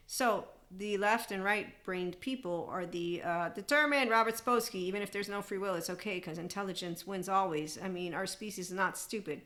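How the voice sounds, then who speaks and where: A woman hosts her own spiritual self-help podcast, speaking alone to her listeners. Her voice is bright and forward. She rambles from thought to thought with excitable energy and often slips into bits of song and laughter. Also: mid-range voice, moderate pace, hardly any pauses. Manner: rambling, excitable, breaks into sung snippets and laughter. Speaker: podcast host.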